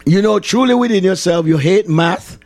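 A middle-aged Jamaican chaplain talking casually to a livestream audience, repeating himself for emphasis and slipping into patois. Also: male voice, high-pitched, normal speed, darkish tone. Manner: repetitive, emphatic, slips into patois.

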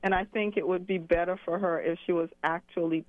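A woman's voice: lowish voice, fairly even intonation, brisk, no echo. Frank woman over a phone line. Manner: frank, critical. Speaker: caller. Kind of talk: opinionated call-in talk.

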